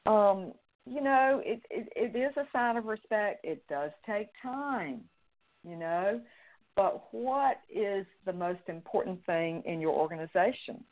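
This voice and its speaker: Woman presenter, emphatic and chatty, heard over a tinny phone-like line. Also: mid-range voice. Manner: emphatic, conversational, many fillers and restarts. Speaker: fundraising consultant presenter. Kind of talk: webinar teaching.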